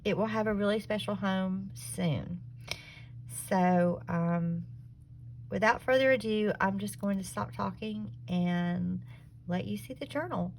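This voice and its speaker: A woman's voice: mid-range voice, measured pace, slight background noise, rough recording. Chatty Southern woman hosting a craft vlog. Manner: friendly, chatty, with fillers. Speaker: crafting channel host. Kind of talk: casual craft vlog chat.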